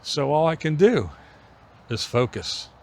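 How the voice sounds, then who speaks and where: A man's voice: a little high, sing-song, slight background noise. Reflective middle-aged man musing outdoors. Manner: musing, unhurried, pausing between phrases. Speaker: vlogger. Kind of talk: reflective walking vlog chat. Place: outdoors on an evening walk.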